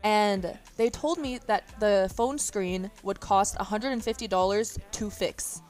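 A woman's voice: medium pitch, unhurried, a little mellow, faint music behind. A young woman streamer chatting casually with her viewers, rambling, swearing freely and laughing often. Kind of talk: casual chat. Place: indoors near a window. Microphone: iPhone as webcam.

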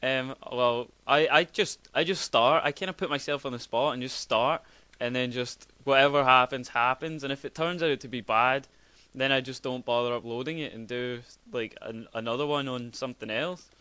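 Young man rambling in a smooth voice. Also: medium pitch, moderate pace, sharp tone, dry recording. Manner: rambling, hesitant, many restarts. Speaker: podcast guest. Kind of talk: casual chat.

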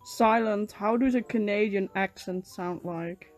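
A woman streamer chatting and laughing during a game, swearing and letting out loud exclamations. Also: mid-range voice, a little slow, soft background music. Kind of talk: gaming stream chat.

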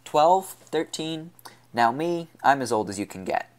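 A man reading the part of a hardened young man on the run, asking questions in a steady, measured way. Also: a little high, voice pushed up. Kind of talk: audiobook character reading.

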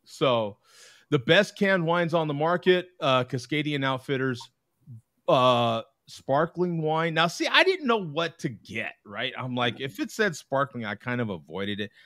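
A man's voice: on the high side, sing-song, fairly bright tone, no echo. Chatty American man hosting a live show. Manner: chatty, laughs often, reads aloud haltingly. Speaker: host. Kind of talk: casual chat. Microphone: video call.

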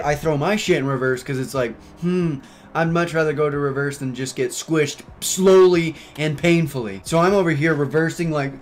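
A young man chatting casually over gameplay, telling a story full of swearing and fillers, and getting loud and worked up at the game. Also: on the high side, a little fast, a little hiss or hum. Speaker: gaming YouTuber.

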